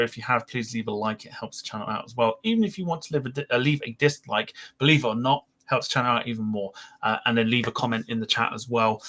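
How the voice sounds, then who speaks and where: Guy hosting a podcast, bright voice, rambly with lots of ums. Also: medium pitch. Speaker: podcast host. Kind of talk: casual podcast chat and sign-off.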